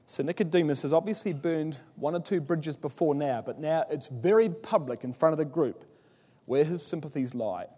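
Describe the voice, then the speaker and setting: A man preaching an expository Bible sermon, emphatic, with rhetorical questions and animated scripture quotes. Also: fairly high pitch. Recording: long hall reverb.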